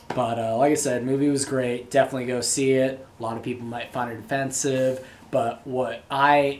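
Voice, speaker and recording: A young man hosts his own show, rambling through a casual monologue full of fillers. His voice is medium-pitched, and the recording carries a little hiss or hum, a roomy echo, and faint ambience.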